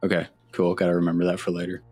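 A man with a very deep voice, recorded dry and close, playing his character in a tabletop game. He talks casually and stammers and restarts as he goes, with faint music behind him. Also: monotone, very fast, darkish tone, husky, dry recording. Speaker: player.

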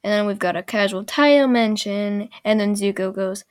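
A woman's voice: medium pitch, steady tone, moderate pace, hardly any pauses. A woman casually recapping a show episode, full of sarcastic, rambling asides.

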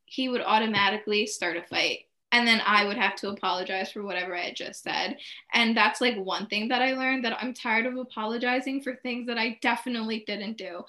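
A young woman with a fairly high, bright voice tells a personal story in casual chat. She talks candidly in short bursts and leans on "like" again and again. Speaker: podcast co-host.

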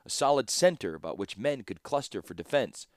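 A man's voice: medium pitch, lively intonation, brisk, no echo, clean studio sound, natural voice. A man voicing a confident army officer. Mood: assured.

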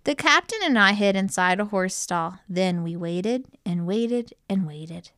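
A woman reading a children's storybook aloud with lively, playful, expressive narration. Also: mid-range voice, unhurried, no echo. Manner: lively, playful pun-filled delivery. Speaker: storybook reader.

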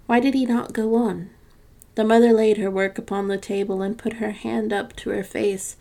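Woman narrator, storybook reading, gentle and measured, vocal fry. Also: mid-range voice, steady tone. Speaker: podcast narrator. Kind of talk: storybook reading of a classic tale.

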